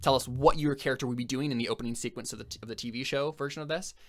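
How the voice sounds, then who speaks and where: A young man running a tabletop game as game master, telling the scene in a casual, halting way full of fillers. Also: mid-range voice, fairly even intonation, fairly bright tone. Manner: halting, filler-heavy storytelling.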